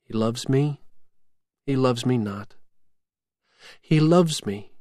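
A man voicing a shy, sad young woman who speaks quietly in a storybook reading. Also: fairly high pitch, big pitch swings, unhurried, no room sound, clean studio sound, voice pushed up. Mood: wistful. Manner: quiet, soft-spoken.

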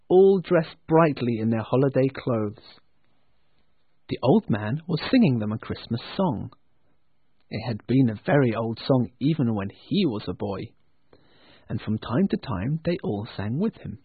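A man narrating a storybook in a slow, expressive way. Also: mid-range voice, slightly rough, no room sound. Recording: tinny phone-like sound.

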